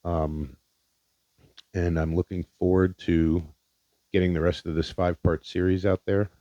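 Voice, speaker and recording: Man, solo podcast host, low voice, dull lo-fi sound. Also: little pitch movement, measured pace, mellow, no room sound. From Indiana, Pennsylvania, USA. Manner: rambling, profane, sincere, with many fillers. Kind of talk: casual solo podcast monologue. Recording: dull lo-fi dry recording.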